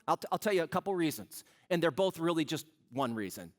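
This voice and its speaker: A man's voice: fairly high pitch, very animated, quick pace. A man in his fifties who is a pastor, preaching a sermon with stories, humorous asides and questions put to the congregation. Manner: storytelling, humorous asides, asks the crowd questions.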